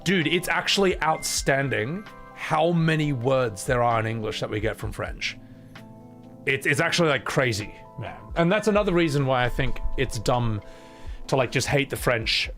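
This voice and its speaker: A man's voice: mid-range voice, animated, normal speed, a bit bright, faint music behind. A man streaming, chatting casually with his live chat and joking as he goes, swearing freely.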